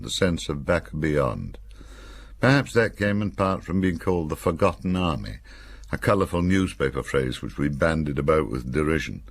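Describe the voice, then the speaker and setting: A man's voice: extremely low pitch, slightly rough. An older man from Cumbria, reading his own memoir as an audiobook with wry, dry-humoured storytelling.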